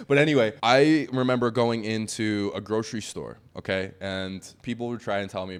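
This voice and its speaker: A man's voice: lowish voice, moderate pace, smooth. A man hosting a reaction video, ranting bluntly and profanely in casual chat. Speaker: reaction channel host. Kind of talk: casual rant over a reaction clip.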